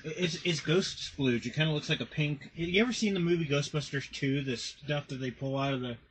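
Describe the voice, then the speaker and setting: A man's voice: on the high side, fairly quick, a bit bright, a little hiss or hum, rough recording. A man co-hosting a casual podcast, reading stories aloud and joking crudely between fits of laughter. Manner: laughs often, jokey and crude. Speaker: podcast co-host.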